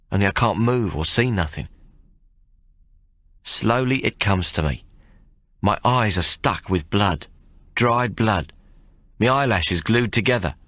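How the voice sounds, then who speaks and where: A man narrating an audiobook in the first person, in a rough working-class storyteller's dialect. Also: low voice, a bit bright, no room sound, studio quality.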